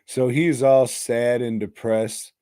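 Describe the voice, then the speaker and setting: A man's voice: mid-range voice, fairly even intonation, slow, mellow, no room sound, clean studio sound. A man co-hosting a movie podcast, recapping a film in crude, jokey casual chat and breaking into silly voices. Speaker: podcast co-host.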